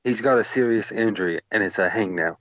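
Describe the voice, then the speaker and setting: A man co-hosting a wrestling review podcast, laid-back and quick to swear and laugh in casual chat. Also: lowish voice, fairly bright tone, no echo. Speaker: podcast co-host. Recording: dull lo-fi mic.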